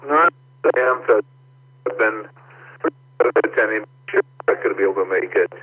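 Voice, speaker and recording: Husky man on a tinny radio. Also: fairly low pitch, animated, normal speed. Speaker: caller. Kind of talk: ham radio check-in.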